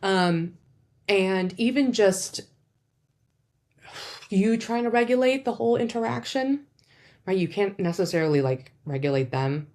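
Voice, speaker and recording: A woman's voice: medium pitch, unhurried, pauses often. A woman explaining things to family members in a casual, chatty way, often adding "like" and "right?". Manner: chatty, lots of "like" and "right?", animated demonstrations. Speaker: psychologist host. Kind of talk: casual educational talk.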